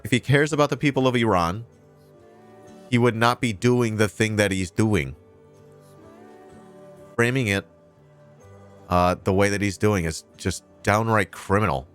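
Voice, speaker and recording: Low-voiced streamer guy, sarcastic and fired up, bit of music behind. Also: a little slow, long pauses. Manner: sarcastic, indignant, with crude asides. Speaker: streamer reacting to a news clip. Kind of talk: casual live-stream commentary.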